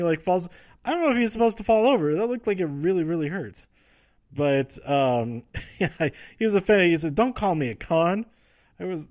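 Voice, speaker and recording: A man hosting a casual, rambling recap show from a quiet home room, full of fillers and restarts. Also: a little high, no room sound, clean studio sound. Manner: rambling, frequent fillers and restarts, quotes wrestlers in quick asides. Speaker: podcast host recapping wrestling.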